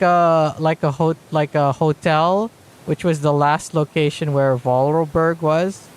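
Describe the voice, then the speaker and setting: A man's voice: fairly high pitch, slight background noise. A man giving casual live-stream commentary on a game, rambling with many fillers and restarts, sometimes reading on-screen text aloud.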